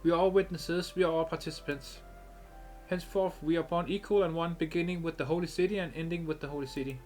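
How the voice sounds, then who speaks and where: Solemn veiled matriarch priestess, read by a man, measured and reverent, for a game playthrough. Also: fairly high pitch, fairly even intonation, darkish tone, soft background music, voice pushed up, lightly acted. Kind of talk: reading game dialogue aloud.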